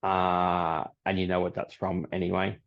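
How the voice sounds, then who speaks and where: A man, a psychic medium, telling stories in a relaxed podcast chat and laughing often. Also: sits low, a little slow. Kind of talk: casual podcast interview. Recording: dull lo-fi audio.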